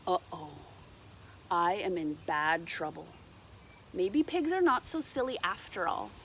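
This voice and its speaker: A woman's voice: fairly low pitch, sing-song, unhurried, a little hiss or hum, voice pushed down, heavily acted. A woman voicing a spunky, bossy young farm girl in a storybook reading. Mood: chatty. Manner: yelling, sassy.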